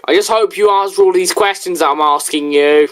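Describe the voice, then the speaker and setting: A woman's voice: lowish voice, brisk, background noise. A woman hosting a reaction video, talking in a casual, chatty, defensive way. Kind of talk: casual spoken commentary.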